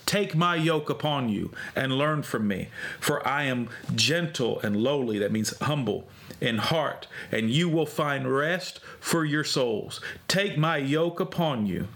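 A man's voice: mid-range voice, creaky, a bit bright. A man preaching a sermon, conversational and emphatic, repeating key phrases with rising intensity. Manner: conversational with restarts and fillers.

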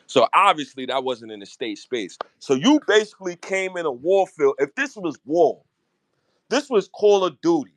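A man's voice: fairly high pitch, normal speed, dry recording. A man hosting an online audio space, talking heatedly and profanely in casual chat. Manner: animated, profane, teasing. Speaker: host of a fan audio space.

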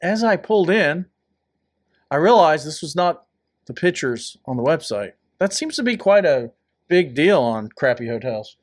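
A man's voice: on the high side, very animated, normal speed, dry recording. A man co-hosting a casual podcast, teasing his partner with dry wisecracks. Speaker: podcast co-host. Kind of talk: casual chat.

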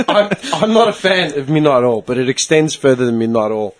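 A man's voice: medium pitch, sing-song, normal speed. A man hosting a casual chat with friends, who laughs often, swears and keeps cutting in to steer the talk. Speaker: podcast host.

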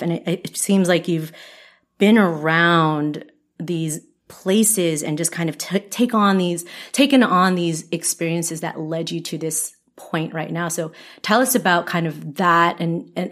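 Woman from Canada, podcast host, lowish voice, chatty and quick to laugh. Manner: chatty, laughs often, storytelling. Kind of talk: conversational interview.

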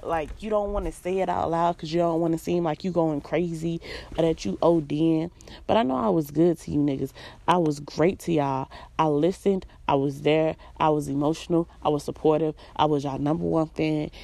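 A woman's voice: low voice, steady tone, normal speed, gravelly, mellow, no room sound. A woman giving a blunt, profane, emphatic personal monologue, hammering her points home with repeated phrases. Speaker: vlogger.

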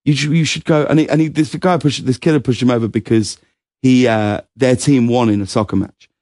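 A man's voice: medium pitch, fairly quick, dry recording, studio quality. A man chatting as a guest on an interview show, telling anecdotes and acting out quotes in a raised voice. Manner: animated storyteller, acts out quotes in raised voice. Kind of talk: casual interview chat.

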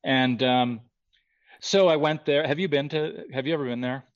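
A man telling a story on a podcast with an animated, restless delivery, often restarting his sentences. His voice sits at an ordinary middle pitch. The recording sounds a little dull and lo-fi. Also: moderate pace. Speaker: guest artist.

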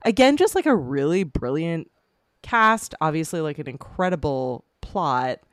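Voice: mid-range voice, animated, measured pace, no room sound. Chatty podcast host on a dry mic. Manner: rambling, lots of fillers and restarts, laughs often. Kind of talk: casual film review chat.

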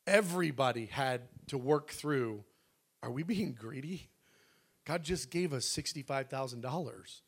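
A middle-aged man telling a testimony in a conversational sermon. He is animated, acts out the dialogue, and often restarts his sentences. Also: medium pitch, a little slow, husky.

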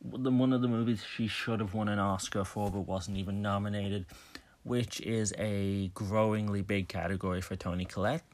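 A young man with a fairly low voice hosts a podcast and talks through films in a casual review. He is opinionated and enthusiastic as he recommends and pans his picks. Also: flat delivery, moderate pace, darkish tone. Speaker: podcast host. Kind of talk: casual film review monologue.

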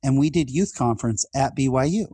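A middle-aged man from California telling a personal story in conversation, his voice jumping up when excited. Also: medium pitch, a little fast, slightly rough, dry recording. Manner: animated, voice jumps up when excited.

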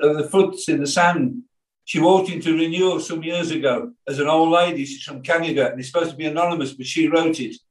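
Older male pastor with a Birmingham accent, lively storytelling sermon, voice a touch high, heard from a distance in a roomy hall. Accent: Birmingham English. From England. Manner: animated storytelling with quoted voices and asides. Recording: echoey room from far off.

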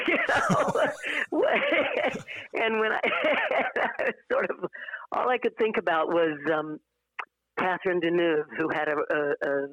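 A woman's voice: on the low side, expressive, measured pace, no echo, muffled recording. An older woman, an actress guest, chatting in an interview, laughing often and restarting her sentences. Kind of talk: casual interview conversation.

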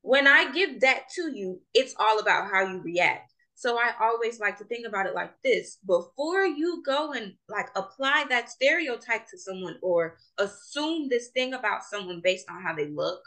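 A young woman with a bright, forceful voice hosts a relaxed podcast chat. She speaks with passion and strong opinions, pressing her points with emphasis. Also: on the high side, moderate pace, few pauses, poor audio. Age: young adult. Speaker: podcast host. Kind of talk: casual chat.

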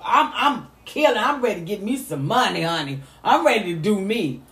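A woman telling an emotional family story in a lively, animated way, acting out the other people's lines. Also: mid-range voice, moderate pace, reverberant. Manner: lively, animated retelling with voiced quotes. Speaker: mother telling her story.

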